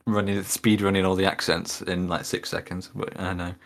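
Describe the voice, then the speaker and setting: A co-host in a casual podcast chat, speaking in a relaxed, hesitant way with many restarts. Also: sits low, moderate pace, gravelly.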